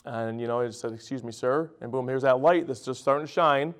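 A man's voice: medium pitch, brisk. A middle-aged man preaching a sermon. He talks in a conversational, storytelling way, with emphatic bursts.

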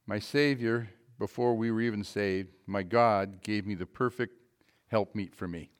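A male preacher giving a sermon to a congregation in a church, emphatic, putting questions to the listeners and moving between loud and quiet passages. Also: lowish voice, measured pace, clear, resonant tone.

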